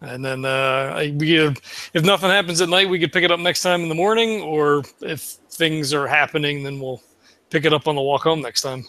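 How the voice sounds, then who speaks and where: A man's voice: on the high side, fairly quick, bright, forceful tone, dry recording. A man playing a tabletop game, talking in a hesitant, stammering way. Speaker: player. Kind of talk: tabletop game play, casual chat.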